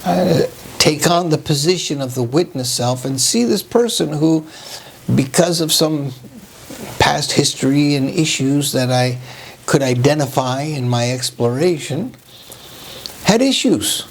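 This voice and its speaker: A man giving a slow, reflective spiritual talk, often restarting his phrases and asking "right?" as he works through his thoughts. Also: fairly high pitch, animated, gravelly, slight background noise. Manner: slow, searching, with frequent restarts and rhetorical "right?". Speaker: preacher.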